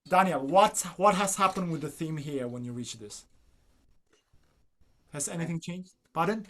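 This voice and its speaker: A man's voice: fairly high pitch, lively intonation, moderate pace, a bit bright, a little hiss or hum. A man teaching a violin masterclass, coaxing his student and singing phrases to show them. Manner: coaxing, sings phrases, asks "do you understand?". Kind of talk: masterclass coaching.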